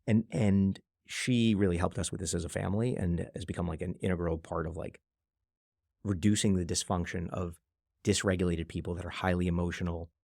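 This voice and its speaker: A man being interviewed on a podcast, telling stories quickly and acting out what people say. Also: deep voice, creaky, no room sound, studio quality. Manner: fast, animated storyteller who acts out quotes. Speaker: guest, venture investor.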